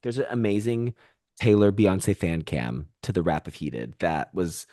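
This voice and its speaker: Low-voiced playful young man. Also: big pitch swings, a little slow, warm tone, dry recording, studio quality. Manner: playful, theatrical, sudden high jumps for emphasis. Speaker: podcast co-host. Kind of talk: casual chat.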